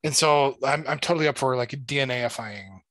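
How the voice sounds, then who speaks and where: A man's voice: mid-range voice, a little fast, a bit bright, no echo. A man co-hosting a podcast, easygoing and joking in casual chat. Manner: easygoing, joking, says yeah a lot. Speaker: podcast co-host.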